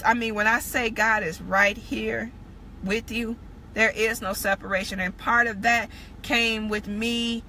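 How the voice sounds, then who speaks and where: A woman's voice: a little high, sharp tone, a little hiss or hum. A woman giving a candid spiritual testimony on a live stream, preaching in a casual way and swearing freely. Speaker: spiritual teacher.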